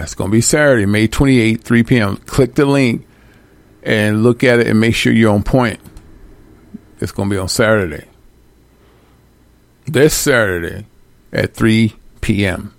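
Man, livestream host, gravelly voice, dry close sound, blunt profane rant. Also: no echo. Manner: blunt and profane, swinging into loud, high-pitched outbursts.

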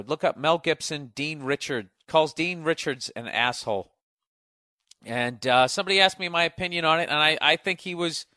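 A man's voice: mid-range voice, pushed and bright, dry recording, clean studio sound. A man ranting profanely and rambling as he hosts a solo comedic talk show. He keeps cutting himself off and mocks others in raised voices, and his voice sounds sore. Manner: profane, rambling, self-interrupting. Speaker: podcast host.

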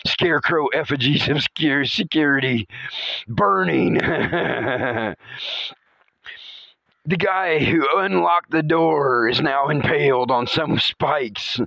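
A man narrating a comic horror story, chuckling often as he tells it in a playful, animated way. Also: a little high, takes it slowly, vocal fry, no echo, rough recording. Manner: chuckles through his telling, animated and playful.

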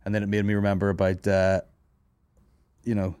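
A man's voice: on the low side, completely flat delivery, a little fast, a little mellow, clean tone. A man hosting a comedy podcast, telling rambling, sweary stories and laughing at his own jokes. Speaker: podcast host. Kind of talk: casual comedy podcast banter.

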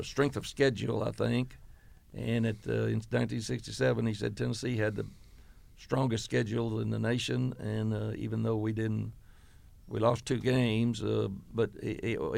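A man's voice: medium pitch, creaky, no room sound. A man in his eighties, a retired football coach, telling long, meandering stories from his career in an oral history interview, full of fillers and quoted dialogue. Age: 80s.

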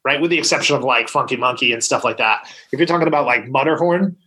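A man co-hosts a weekly podcast and argues his side in casual chat. His voice is bright and forceful, and he presses his points with steady emphasis. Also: mid-range voice, quick pace, rough recording. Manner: emphatic, argumentative, keeps asking "right?". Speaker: podcast co-host.

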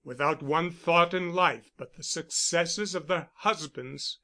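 A man's voice: fairly high pitch, slow pace, pushed and bright, heavily acted. A man reading the part of a persuasive, insistent suitor who speaks with urgent, coaxing force.

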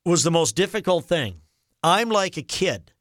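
Man in his 40s, radio host, high bright voice, dry studio sound, animated storyteller. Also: measured pace, no echo. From Minnesota. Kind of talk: casual chat.

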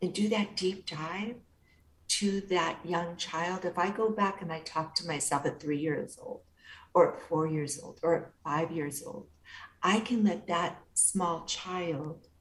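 A woman guest being interviewed, speaking calmly and gently in a soothing, therapeutic way. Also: lowish voice, a little slow. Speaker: guest author and inner-child coach. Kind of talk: interview answers. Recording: roomy echo.

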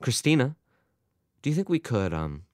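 A man's voice: mid-range voice, very animated, normal speed, darkish tone, no room sound, studio quality, pitched above the performer's own voice, natural voice. A man reading a story voices a tired middle-aged father in a wry, worn tone. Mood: uneasy.

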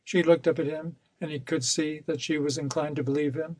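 Male audiobook reader: steady, measured narration, slightly high-pitched, dry close-miked sound. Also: husky, no room sound, poor audio. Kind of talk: scripted narration of a novel.

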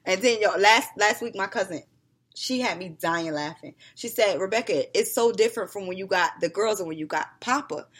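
A woman with a husky, mid-range voice speaks at a moderate pace as a podcast co-host. She animatedly acts out scenes with her kids, including scolding them, during the casual chat.

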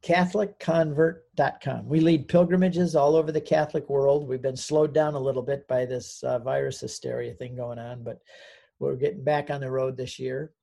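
An older American man, a guest on an interview, earnestly tells his conversion story and sometimes gets choked up, voicing the people he quotes. His voice sits at medium pitch with fairly even intonation, a moderate pace, and a creaky, mellow texture.

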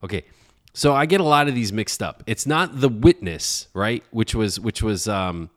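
A man's voice: lowish voice, expressive, moderate pace. A man co-hosting a casual movie podcast, rambling and hesitating as he searches for answers. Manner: rambling, hesitant under pressure. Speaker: podcast co-host. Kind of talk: casual movie review chat.

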